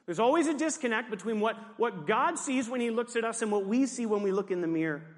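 A male pastor preaching in an emphatic way, with a fairly high voice for a man. His key phrases come back again and again. A long reverb from the hall trails every line. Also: expressive, fast talker. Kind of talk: sermon.

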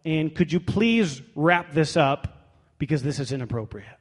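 A man's voice: fairly high pitch, expressive, moderate pace. A man voicing a tactless old priest who scolds a praying woman, in a stiff, officious manner. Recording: long hall reverb.

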